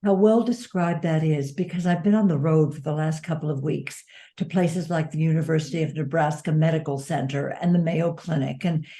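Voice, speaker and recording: A woman with a low, mellow voice talks as an interview guest. She sounds earnest and reflective and leans on her key words. Her manner is that of an author sharing her experience as an advocate. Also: brisk. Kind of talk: conversational interview.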